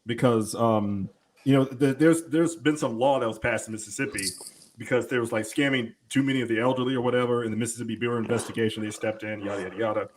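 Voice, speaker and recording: A man's voice: medium pitch, fairly even intonation, fast. A man telling a story in casual panel chat, rambling and cursing freely. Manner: rambling storyteller, heavy cursing, many fillers.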